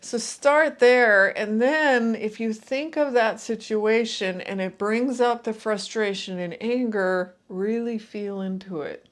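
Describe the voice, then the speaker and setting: A woman coach giving a calm, soothing talk straight to her viewers, guiding them through breathing and grounding. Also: on the high side. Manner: soft, soothing, unhurried delivery. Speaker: intuitive and transformational coach. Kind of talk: calm guided talk to camera.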